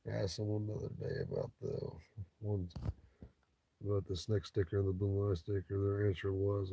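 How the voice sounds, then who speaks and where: Man, from Ohio, livestream host, casual chat, blunt, profane, joking, gravelly, dry close sound. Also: on the low side, moderate pace, warm tone, no echo.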